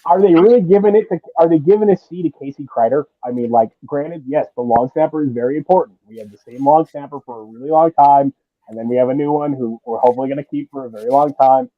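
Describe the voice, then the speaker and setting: A man's voice: fairly high pitch, lively intonation, quick pace, no room sound. Male sports co-host, hesitant and rambling, heard through a thin, dry, phone-like line. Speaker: podcast co-host. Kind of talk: casual sports chat. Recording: tinny, dry phone-like audio.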